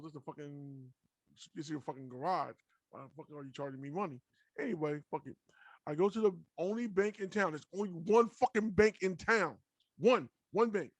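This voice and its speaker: Profane, animated young man telling stories. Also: fairly high pitch, dry recording. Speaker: podcast host. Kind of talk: casual storytelling.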